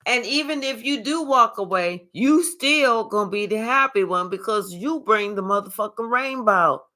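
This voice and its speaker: A woman doing a live tarot reading, talking in a sassy, profane, animated way and chatting with her viewers. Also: fairly high pitch, normal speed. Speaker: tarot reader.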